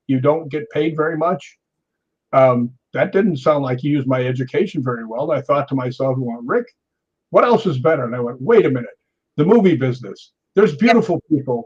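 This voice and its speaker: A man's voice: on the high side, brisk, breathy edge, highs cut off. A man in his sixties, a stuntman and interview guest, telling stories animatedly, acting out quotes and laughing often. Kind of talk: storytelling interview.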